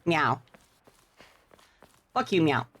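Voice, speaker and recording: A woman's voice: low voice, sing-song, extremely slow, a bit bright, slightly rough, dry recording. Woman streamer who ends lines with "meow". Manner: playful and profane, tacks "meow" onto sentences. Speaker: game streamer. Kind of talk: live gameplay commentary.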